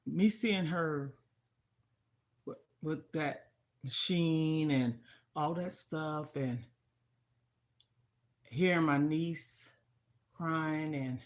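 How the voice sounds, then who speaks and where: A woman's voice: sits low, drawn-out words, long pauses. An older woman hosting a livestream, telling an emotional personal story of loss in a heartfelt, grieving way that sometimes turns indignant. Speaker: livestream host.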